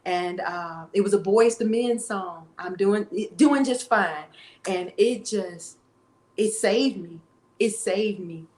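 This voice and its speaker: Woman, forties, interview guest, halting personal storytelling, echoey room. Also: mid-range voice, darkish tone. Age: 40s. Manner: halting, repeats phrases, tearful at times.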